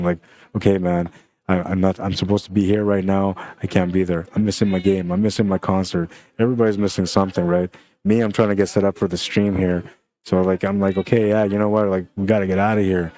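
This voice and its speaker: A man casually telling a long story about being stuck in an elevator, full of "man" and "right?" and quick acted-out quotes. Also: sits low. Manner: animated, lots of "man" and "right?". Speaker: stream commentator.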